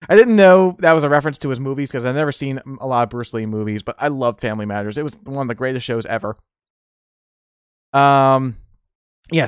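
Rambling man with a smooth voice. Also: medium pitch, no room sound, clean studio sound. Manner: rambling, laughs often, many fillers. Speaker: streamer podcast host. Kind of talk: casual nostalgic chat.

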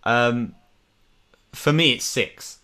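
A young man talks through a casual podcast chat at an easy, relaxed pace. His voice is bright and forward, and he keeps it loose and friendly with slang. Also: mid-range voice, very slow, clean tone. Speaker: podcast co-host. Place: home, remote call.

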